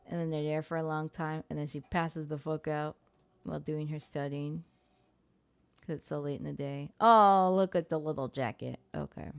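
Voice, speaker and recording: A woman's voice: sits low, vocal fry, no room sound. A young adult woman streamer chatting casually and swearing while playing and narrating a game. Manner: chatty, swearing, laughing at her own struggles. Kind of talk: casual gameplay commentary. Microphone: streaming mic.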